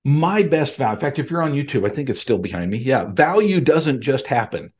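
A man's voice: mid-range voice, sing-song, brisk, a little mellow. A man hosting a podcast from his home office, giving an emphatic monologue and speaking straight to his listeners as folks and friends. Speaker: podcast host.

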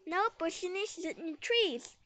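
A woman's voice: extremely high pitch, animated, slow, a bit bright, pitched above the performer's own voice, full character voice. A woman voicing an emphatic father dog in a children's storybook reading. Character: gruff, eager father dog.

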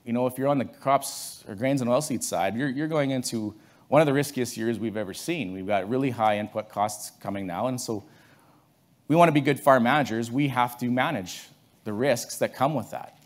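A man from Canada speaks to a conference room in a relaxed storytelling way, pitched right in the middle for a man. He often doubles back and restarts his sentences as he talks things through with the audience. His delivery sounds unscripted and friendly rather than polished. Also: moderate pace. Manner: conversational storytelling, many restarts. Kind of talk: conference talk.

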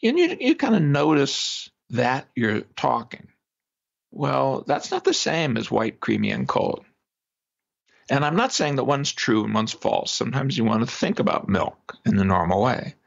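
A man, a psychologist guest on a podcast interview, explaining exercises in an animated way and demonstrating them aloud. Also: mid-range voice, a little slow, vocal fry. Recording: dull lo-fi remote audio.

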